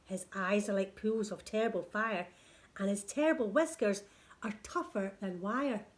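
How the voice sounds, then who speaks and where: A woman voicing a big male gruffalo father, telling a tale in a thoughtful storytelling voice. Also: medium pitch, normal speed, natural voice.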